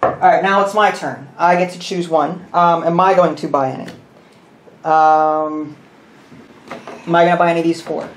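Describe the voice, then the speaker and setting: A man hosting a board game session, explaining the rules and counting pieces out loud as he plays. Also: a little high, fairly even intonation, moderate pace, pauses often. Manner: thinks aloud, counting pieces and muttering rules. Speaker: host. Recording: roomy room with faint noise.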